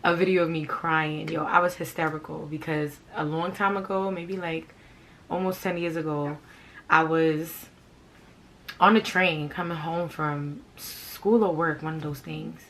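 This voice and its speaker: Low-voiced blunt New woman. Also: steady tone, unhurried, a bit bright. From Brooklyn, New York. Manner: blunt, profane, rambling with frequent "like". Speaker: vlogger. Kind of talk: casual storytime monologue.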